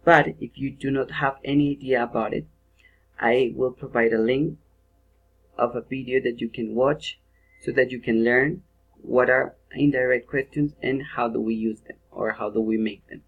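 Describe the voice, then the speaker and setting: Young male teacher, video lesson, patient step-by-step explainer, mid pitch. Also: steady tone, normal speed, creaky, narrow, tinny audio. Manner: explains step by step, often checks with "okay?", self-corrects. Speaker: English pronunciation teacher.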